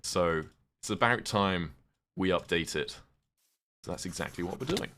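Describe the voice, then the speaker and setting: Deep-voiced man chatting on stream. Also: normal speed, noisy background. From United Kingdom. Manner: chatty, answers viewers' questions, swears casually. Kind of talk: casual live-stream chat while gaming.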